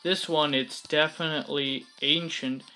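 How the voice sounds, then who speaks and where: Man, tutorial host, slow unhurried delivery, bright tone, hesitant with fillers, self-mocking. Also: on the high side, steady tone, soft background music. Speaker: Minecraft building tutorial host. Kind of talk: casual screen-recorded tutorial commentary.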